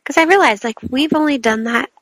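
A woman with a bright, fairly high voice, chatting casually as a podcast co-host. She trips over her words and laughs at her own slips. The sound is close and dry, with no room echo. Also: fairly quick. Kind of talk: casual chat and reading a book blurb aloud.

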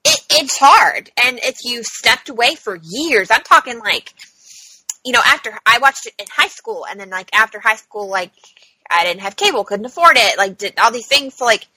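Woman cohost rambling along, lots of likes and ums, kinda high bright voice, dry close sound. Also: animated, normal speed, husky, no echo, poor audio. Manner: chatty, many "like" and "um" fillers. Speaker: podcast co-host. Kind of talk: casual chat.

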